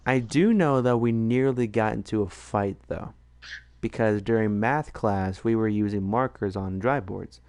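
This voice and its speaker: A man's voice: on the low side, unhurried, darkish tone, dry recording, clean studio sound. A man rambling in a casual late-night chat, full of fillers and laughter. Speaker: streamer host.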